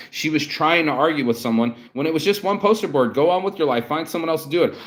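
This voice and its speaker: A man talking to camera in a rambling personal vlog rant, profane and animated, full of restarts and repeated filler words. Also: medium pitch. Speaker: vlogger. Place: outdoors among trees.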